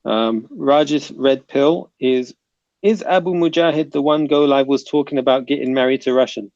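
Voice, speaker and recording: Gravelly-voiced man hosting a livestream. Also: mid-range voice, moderate pace, darkish tone, no room sound, highs cut off. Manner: reads chat comments aloud and banters. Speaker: livestream panel host reading chat. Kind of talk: casual livestream chat.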